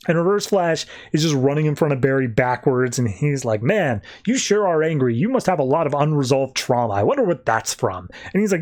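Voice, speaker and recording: A man with a fairly high voice recaps a comic book issue on a podcast in a loose, conversational way. He keeps slipping into short, playful character voices as he retells the scenes. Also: very animated, moderate pace, a little mellow. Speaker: podcast co-host.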